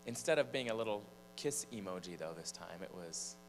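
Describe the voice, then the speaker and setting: He has a deep voice and a brisk delivery: a Michigan preacher who also sings, vividly narrating his own story before a large church and drawing out the suspense. The recording carries a long church reverb and a low mains hum.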